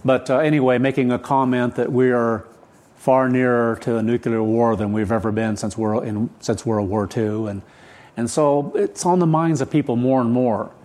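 Hurried older male preacher rambling fast. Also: mid-range voice, steady tone, darkish tone. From United States. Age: 70s. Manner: rushed, rambling, restarts often. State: adrenaline-charged, hurried. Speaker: pastor. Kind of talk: sermon. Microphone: camera set up for recorded service.

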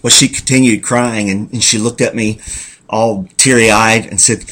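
A man's voice: on the low side, steady tone, unhurried, a bit bright. A man giving an earnest, rambling personal testimony in a folksy storytelling manner. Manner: folksy, rambling, talks to himself as "Self"; earnest, reflective. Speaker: church member giving a testimony.

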